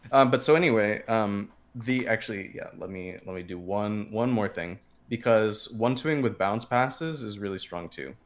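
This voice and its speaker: Man coaching a game, low voice. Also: moderate pace, hardly any pauses. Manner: explains patiently with many fillers and restarts. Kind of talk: casual coaching over a screen share.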